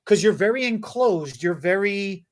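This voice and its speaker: A man co-hosting a casual chat, easygoing and quick to laugh, telling a story in the second person. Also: high-pitched, expressive. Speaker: podcast co-host.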